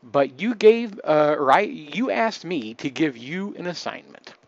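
A man hosting a live webcast, talking in a relaxed, chatty way with many fillers and restarts. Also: fairly high pitch, a little slow, no echo, lo-fi sound. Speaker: host.

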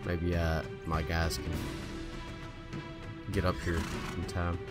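A man casually commentating his own strategy game play, chatty and indecisive, bossing his troops around out loud. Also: deep voice, completely flat delivery, takes it slowly, over loud music. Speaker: gameplay video host.

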